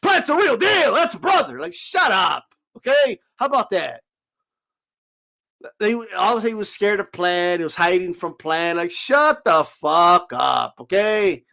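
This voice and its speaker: A man with a high voice delivers a fired-up boxing rant. He swears freely and mocks his critics sarcastically, telling them to shut up. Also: sing-song, measured pace, gravelly, pushed and bright. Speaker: boxing commentator. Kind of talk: ranting commentary.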